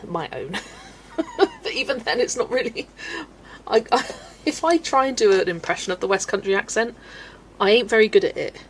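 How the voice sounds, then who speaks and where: A woman's voice: on the high side, wildly swooping pitch, moderate pace, slight background noise. A woman from Southwest England with a Wiltshire accent, chatting casually and self-deprecatingly on a colouring live stream. She laughs often as she answers questions from chat.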